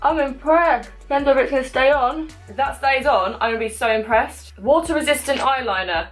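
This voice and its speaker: A young woman in her twenties with a fairly high-pitched voice, chatting casually as she does her makeup at home. She is self-mocking and talkative, narrating each product as she puts it on, with faint music behind her. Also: a little fast. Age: 20s. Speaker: beauty vlogger. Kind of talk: casual makeup tutorial chat.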